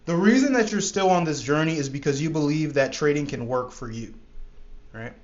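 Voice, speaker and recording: Man, high voice, emphatic motivational coach, casual swearing, echoey dull-sounding room. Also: expressive, a little fast. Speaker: trading coach. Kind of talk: motivational monologue.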